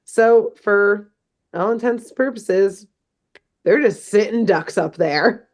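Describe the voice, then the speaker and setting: A young woman co-hosting a podcast, walking through a cartoon episode in a relaxed, chatty way. She tells the story with energy and drops into playful quoted voices for the characters. Her voice sits at an ordinary middle pitch. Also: slow. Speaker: podcast co-host. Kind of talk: casual chat recapping a cartoon.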